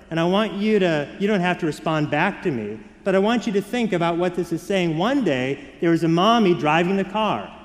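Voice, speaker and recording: A man preaching in a church sanctuary, his fairly high voice carrying a long reverb tail. He moves from hushed, slow, earnest points to brighter, animated storytelling for the children. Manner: varied and expressive, dropping soft for emphasis, rising for children. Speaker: pastor. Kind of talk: sermon.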